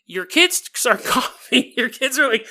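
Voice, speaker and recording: A man's voice: very high-pitched, pushed and bright. A man hosting a podcast, telling a paranormal story with jokey, laughing asides aimed right at the listener. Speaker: podcast host.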